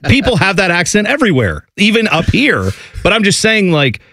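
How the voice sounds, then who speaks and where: A man from Central Ohio co-hosting a casual chat show, animated and quick to slip into mocking put-on accents. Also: high-pitched, dry recording, clean studio sound. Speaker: podcast co-host.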